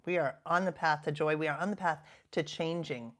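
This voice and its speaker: A woman in her fifties, a coach talking reflectively and earnestly, sometimes sinking to a soft half-whisper for emphasis. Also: low-pitched, a little fast. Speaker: coach and podcast host. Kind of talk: reflective self-help talk.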